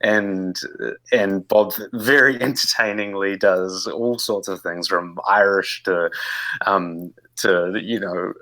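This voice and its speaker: A man's voice: low-pitched, steady tone, slow pace, bright, forceful tone. A man on a casual livestream, speaking hesitantly with many fillers and restarts.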